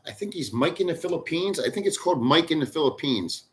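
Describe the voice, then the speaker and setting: Middle-aged male livestreamer, bright forceful voice, loose profane rambling chat. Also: fairly high pitch, animated, fast. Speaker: livestream host. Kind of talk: casual live chat with viewers. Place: in the Philippines.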